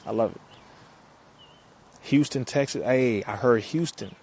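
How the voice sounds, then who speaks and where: A man from Compton, California, talking casually on a live stream, reading out where viewers are from and giving them shout-outs, with frequent laughter and loud outbursts. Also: mid-range voice, a little slow, pauses often, husky. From United States (Compton, California). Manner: lively, reads out viewers' locations and gives shout-outs.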